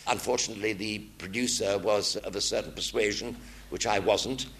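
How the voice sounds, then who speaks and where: A man's voice: lowish voice, normal speed, vocal fry. An older man telling anecdotes from his acting career, acting out the other people's voices as he goes. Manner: animated, acts out the voices in his stories. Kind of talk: anecdotal storytelling.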